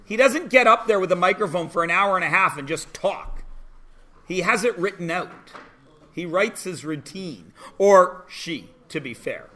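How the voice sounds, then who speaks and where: A man in his forties, a high school English teacher, talking to his class in an animated, sarcastic, joking way. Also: normal speed. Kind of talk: classroom talk.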